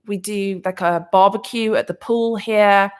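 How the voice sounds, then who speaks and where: A woman's voice: medium pitch, steady tone, unhurried, clean tone. A woman from England hosting a casual crypto livestream, chatting as she reads out viewer comments, rambling with many restarts and fillers. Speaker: crypto channel host. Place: her condo in Arizona.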